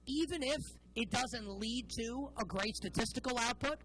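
A woman's voice: on the high side, normal speed, over music, poor audio. A woman hosting a sports talk show, delivering an opinionated, sarcastic monologue with emphatic stresses.

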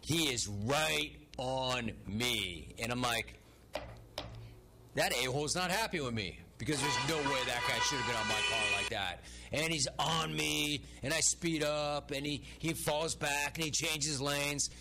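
A man's voice: medium pitch, unhurried, very noisy. A man hosting a talk radio show, ranting through stories and listener complaints and acting out the dialogue himself. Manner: ranting storyteller, acts out dialogue.

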